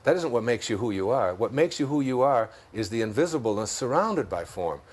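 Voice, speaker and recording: A man with a Detroit accent, a guest in an interview, speaking in an unhurried, musing way and chuckling at his own jokes. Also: medium pitch, big pitch swings. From Detroit, United States. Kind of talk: reflective interview talk.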